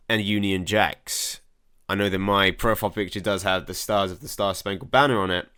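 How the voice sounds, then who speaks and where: A young Englishman whose accent carries a slight American and European mix, reading viewer comments aloud and answering them in a halting way, often repeating words as he starts a sentence. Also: on the low side, a bit bright, clear, resonant tone. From England. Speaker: commentary channel host.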